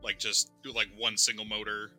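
A man's voice: lowish voice, monotone, normal speed, bright, forceful tone, faint music behind. A man taking part in a tabletop game, asking rambling, hesitant questions full of "like". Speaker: player.

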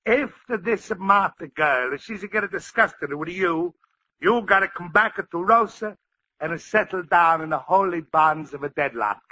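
A blustering, scheming older man mangles his words. His voice is high, lively and very bright, a 1940s radio sitcom figure. The old broadcast sounds dull. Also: normal speed, heavily acted. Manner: blustering, fond of malapropisms, chuckling. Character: scheming, boastful Italian-American older man.

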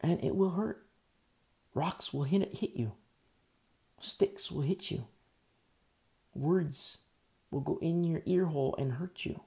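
A man's voice: a little high, takes it slowly, gravelly, long pauses, warm tone. A man preaching a sermon in a conversational, emphatic storytelling way.

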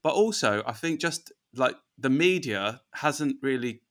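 A man hosting a podcast in casual chat, upbeat and quick with encouraging replies. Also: mid-range voice, expressive. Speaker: podcast host.

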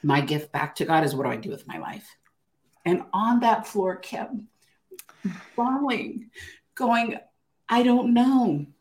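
A woman's voice: fairly low pitch, very animated, a little slow, long pauses. An older woman, an author and interview guest, telling her story in a casual, emphatic way and often tagging her sentences with "right?". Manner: emphatic, keeps adding "right?".

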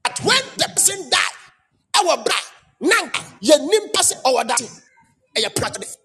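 A pastor preaching a fiery sermon, shouting and chanting repeated declarations. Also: male voice, very high-pitched, big pitch swings, fairly quick, music in the background. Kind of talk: fiery sermon mixing Twi and English.

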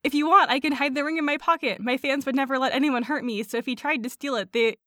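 A woman's voice: sits high, fast, pushed and bright, no room sound, clean studio sound. A woman voicing a vain, famous young male pop singer, reading his lines aloud. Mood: boastful. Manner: read aloud, boastful.

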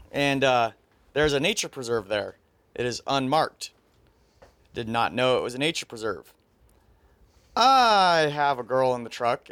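A man's voice: mid-range voice, fairly bright tone, clean tone, no room sound. A man telling a story to friends in casual chat, laying out the details step by step. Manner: methodical, sets out details step by step.

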